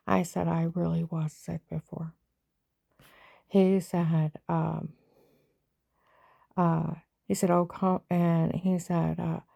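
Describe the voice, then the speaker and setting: A woman's voice: lowish voice, vocal fry, warm tone, breathy edge, no echo. A woman giving an agitated, rambling personal account and acting out what other people said. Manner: agitated, rambling retelling that acts out others' lines.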